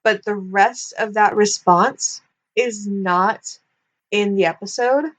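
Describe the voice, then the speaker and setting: A woman's voice: mid-range voice, slow. A young woman giving casual commentary on a book, chatty and nitpicky, with lots of filler likes. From United States. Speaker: book reviewer.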